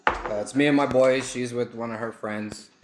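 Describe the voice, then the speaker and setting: A man's voice: medium pitch, fairly even intonation, normal speed. A young man from Texas, telling a rambling, joking story while doing a food challenge at home. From El Paso, Texas. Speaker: vlogger. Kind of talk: casual story-time chat. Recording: echoey room, faint noise.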